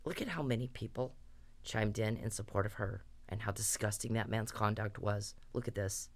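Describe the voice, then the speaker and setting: A woman's voice: a bass voice, moderate pace. A woman ranting straight to her audience, confrontational and profane, scolding someone she addresses directly. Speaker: vlogger. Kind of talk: angry direct-to-camera rant.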